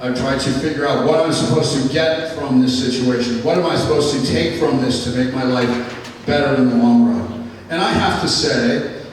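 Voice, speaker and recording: A man giving a personal testimony at a school chapel, telling his story in an earnest, plainspoken way with many pauses. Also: mid-range voice, slight background noise. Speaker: school staff member giving a chapel talk. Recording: echoey hall from far off.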